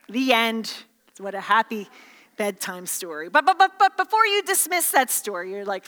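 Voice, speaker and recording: A woman's voice: high-pitched, pushed and bright, long reverb tail. A woman pastor preaching a sermon with playful, jokey asides and many restarts.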